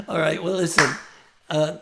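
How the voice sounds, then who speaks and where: A man's voice: on the high side, very noisy. An older man, a folk singer, talking earnestly and rambling, often restarting his sentences. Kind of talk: heartfelt casual chat after a song.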